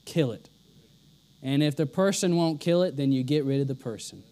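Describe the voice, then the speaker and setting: A man's voice: a little high, a little fast, mellow, smooth. A man preaching a sermon with emphasis, often repeating a line for stress.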